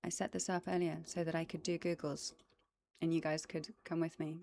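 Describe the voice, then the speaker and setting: A woman's voice: sits low, little pitch movement, a little fast, darkish tone, slight background noise. A woman hosting a casual livestream, chatting enthusiastically with viewers and filling gaps with ums, close to a desk microphone. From British and American. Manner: chatty, enthusiastic, lots of ums and asides to chat. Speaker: voice actress hosting a plant stream. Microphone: desk microphone in front of her.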